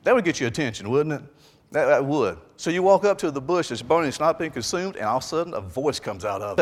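A man preaching a sermon in a church on a lapel mic, conversational and animated, with casual asides. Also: mid-range voice, moderate pace. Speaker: pastor. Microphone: lapel mic on jacket. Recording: long church reverb.

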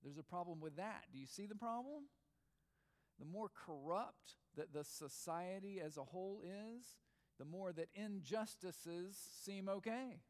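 A man's voice: sits high, unhurried. A man preaching a sermon as pastor, pressing his listeners with repeated questions and emphatic points. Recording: long hall reverb.

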